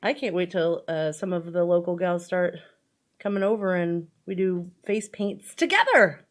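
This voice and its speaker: A woman's voice: fairly low pitch, moderate pace. A woman chatting casually through a makeup tutorial, rambling with lots of fillers and playful asides. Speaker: makeup vlogger.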